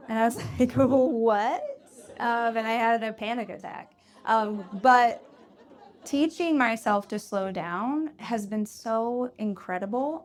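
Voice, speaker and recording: A woman in her forties, a podcast host, giving advice to a live audience in a conversational coaching tone and acting out quoted voices. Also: mid-range voice. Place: live event before an audience.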